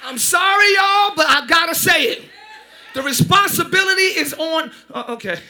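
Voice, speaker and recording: A man preaching a lively sermon as pastor, often shouting and joking with the congregation. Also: very high voice, normal speed. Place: church sanctuary.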